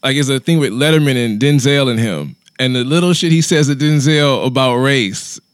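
A man in easygoing conversation about comedy who laughs easily and curses casually. His pitch sits in the ordinary middle range. The recording is dry and close. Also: moderate pace, no echo. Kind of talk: casual chat.

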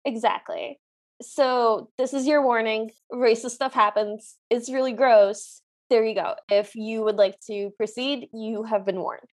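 High pitched woman cohost, playful, describing cartoons. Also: steady tone, measured pace. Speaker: podcast co-host. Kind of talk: casual review chat.

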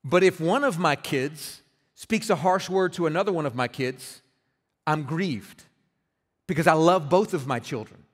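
A man's voice: a little high, a little slow. A man preaching a sermon as pastor, earnest and conversational, often restarting his words. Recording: reverberant hall.

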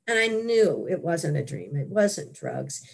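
Older woman guest, gravelly and husky, animated storyteller who laughs easily. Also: fairly low pitch, a little slow. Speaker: guest author. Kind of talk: interview storytelling.

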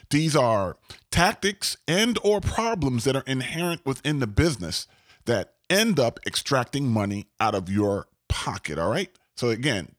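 A man talking through a casual podcast monologue in a mid-range voice that swings widely in pitch. He is emphatic and repetitive and keeps tagging lines with "all right?", with the sound close and dry with no room echo. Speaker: podcast host.

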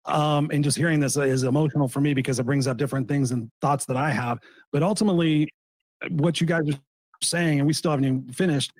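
A man with a slightly high voice talks very quickly and earnestly about personal loss, circling back and restarting his sentences. He coaches people and speaks as a guest in a podcast conversation. The sound is close and dry. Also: darkish tone, no room sound. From Southern California. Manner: heartfelt, repetitive restarts. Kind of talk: emotional personal storytelling.

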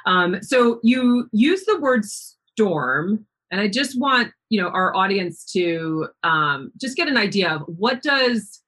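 A woman's voice: mid-range voice, lively intonation, takes it slowly, hardly any pauses, a bit bright. A woman host in a conversational interview, asking thoughtful, searching questions and filling them with "you know". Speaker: podcast host.

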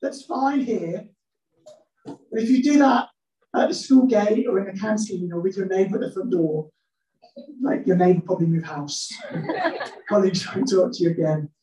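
A woman's voice: medium pitch, moderate pace, pauses often, dark tone. A woman preaching a sermon to a church congregation, humorous and acting out little scenes. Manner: humorous, acts out scenes in voices. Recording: echoey church hall, mic from a distance.

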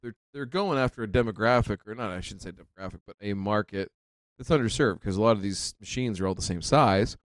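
Smooth low-voiced male host. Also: fast talker, dry recording. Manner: loose and profane, friendly banter. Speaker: call-in show host. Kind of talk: casual live call-in chat.

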